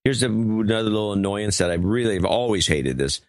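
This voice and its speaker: A man's voice: on the low side, lively intonation, fairly quick, no room sound, studio quality. An older man co-hosting a talk podcast in casual chat, grumbling and sarcastic. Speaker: co-host.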